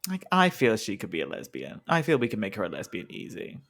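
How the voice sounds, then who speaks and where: A man co-hosting a podcast in casual chat, enthusiastic and opinionated, tossing out quick asides. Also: on the low side, huge pitch swings, a bit bright. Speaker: podcast co-host.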